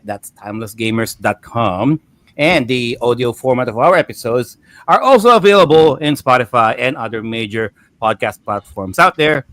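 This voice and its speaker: A man hosting a casual gaming livestream over a remote call. His pitch sits in an ordinary middle range, and he talks in a relaxed way, full of "uh"s and little laughs. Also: no echo. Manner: relaxed, filler-heavy introductions with small laughs. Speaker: podcast host.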